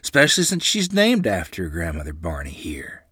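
A man's voice: sits low, huge pitch swings, normal speed, fairly bright tone, breathy edge, no echo, studio quality, full character voice. A man reading a storybook, voicing a kindly, easygoing old grandfather. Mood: friendly.

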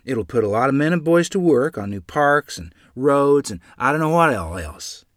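A man voicing a weary but hopeful mother who speaks gently. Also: medium pitch, animated, moderate pace, no room sound, studio quality, voice pushed up, close to an everyday voice. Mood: explaining.

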